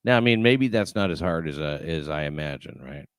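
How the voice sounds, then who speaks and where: A man's voice: extremely low pitch, lively intonation, fairly quick, clear, resonant tone, no echo. A man hosting a livestream, chatting casually and reading viewer comments, rambling and swearing with many fillers and restarts. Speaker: show host reading live chat.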